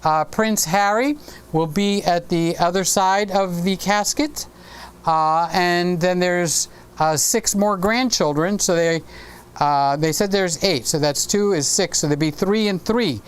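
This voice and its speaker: A man's voice: high voice, unhurried, clear, resonant tone. A man in his sixties hosting a casual live stream, rambling chattily and reading viewer comments aloud. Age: 60s.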